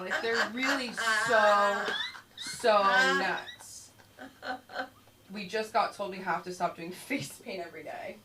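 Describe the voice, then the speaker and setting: Woman, stand-up comic, rambling, animated, voices for kids, heard from across the room, faint hiss. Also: mid-range voice, measured pace. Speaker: stand-up comic at an open mic. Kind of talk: stand-up comedy set. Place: small comedy club stage. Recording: distant room mic with faint noise.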